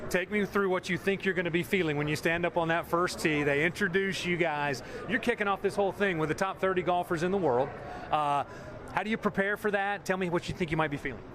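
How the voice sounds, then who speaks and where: A man's voice: high voice, fast talker, crowd noise. A man reporting live from a golf course, chatting upbeat with young players and laughing often. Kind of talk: live field interview and report.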